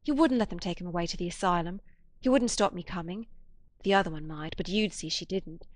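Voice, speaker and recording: Casting: woman narrator voicing an anxious working-class woman, low-voiced, pleading and tearful, in a dry close read. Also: fairly quick, dry recording, lightly acted. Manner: plain-spoken, pleading, emotional.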